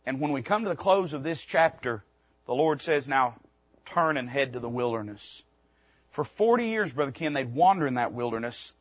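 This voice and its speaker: Pastor, man, high husky voice, King James scripture readings, loud peaks and quiet lows, dry muffled sound. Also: no room sound. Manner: reads scripture aloud in King James wording, then retells it plainly; swings between loud emphatic peaks and quiet low passages. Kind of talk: sermon. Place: church sanctuary.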